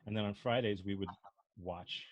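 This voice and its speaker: A man's voice: on the low side, fairly even intonation, normal speed, no echo, dull audio. An older man from Brooklyn, with a faint Brooklyn accent, telling rambling stories with many restarts as an improv instructor. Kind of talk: casual discussion.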